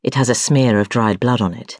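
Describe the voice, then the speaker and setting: A woman narrating a historical novel for an audiobook, reading in a measured, unhurried way. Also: very deep voice, darkish tone, no echo, clean studio sound.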